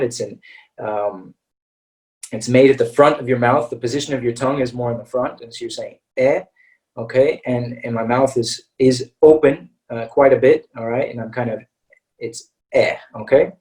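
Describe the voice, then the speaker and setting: An American man of middling pitch teaches pronunciation in an online class. He stretches each vowel slowly and keeps asking "okay?" to check that the class is following. His voice comes from a little way back from the microphone, as on a laptop call. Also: fairly even intonation, a little mellow, distant mic, rough recording. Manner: patient, checks in with "okay?" after nearly every phrase; slows down to model vowel sounds. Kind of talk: webinar lesson.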